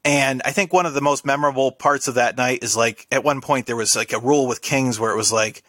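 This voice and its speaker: A man's voice: mid-range voice, fast talker, a bit bright, no echo. A young man telling a rambling story in casual conversation, often ending his sentences with "right?".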